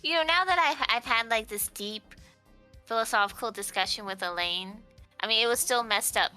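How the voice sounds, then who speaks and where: A woman's voice: on the high side, a little fast, bright, forceful tone, clean tone, soft background music. A woman playing a tabletop game, chatty and giggly, full of "like" fillers. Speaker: player. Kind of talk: casual tabletop play.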